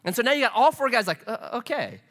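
Animated, high-voiced male preacher. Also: racing. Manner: animated storytelling, lively and conversational. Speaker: pastor. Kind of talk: sermon.

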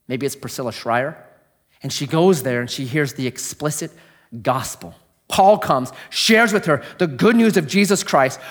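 A man with a fairly high voice preaching to his congregation. He tells stories casually, jumping between lively, quick bursts and quiet, dropped-down asides. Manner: conversational storytelling, swings from animated to hushed. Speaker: pastor. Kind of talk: sermon.

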